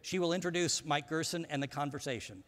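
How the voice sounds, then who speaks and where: A man delivering a prepared speech from a stage in a measured, formal manner, introducing a panel at a conference. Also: a little high, fairly bright tone. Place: large conference hall. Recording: reverberant hall.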